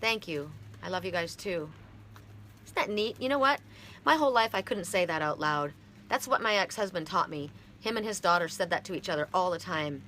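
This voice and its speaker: A middle-aged woman from Canada giving a heartfelt, halting oracle card reading on a live stream. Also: fairly low pitch, expressive, fairly bright tone, slight background noise.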